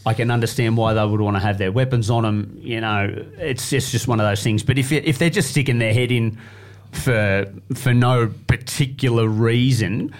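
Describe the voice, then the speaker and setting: A man's voice: mid-range voice, normal speed. A man with an Australian accent, co-hosting a podcast and telling stories in casual chat, acting out the people he quotes. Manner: animated storyteller, acts out quotes. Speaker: podcast co-host.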